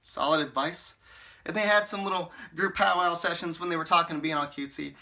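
A man with a very bright, forceful tone, slightly high-pitched, chatting loosely as he talks through his thoughts. He rambles, circles back, and leans on fillers. He takes a playfully exasperated, teasing edge. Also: steady tone, fairly quick. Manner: rambling and chatty, full of "like" and "you know". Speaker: book reviewer. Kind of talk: casual vlog commentary.

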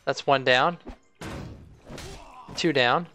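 A young man hosting a co-op game session, reacting excitably to the action and chatting casually. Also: medium pitch, extremely slow. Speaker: gaming channel host. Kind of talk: casual gaming commentary.

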